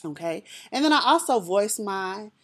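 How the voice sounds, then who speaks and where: A woman's voice: medium pitch, moderate pace, slightly rough. Woman, personal storyteller; conversational, talks straight to the audience. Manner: lively, conversational, addresses listeners directly.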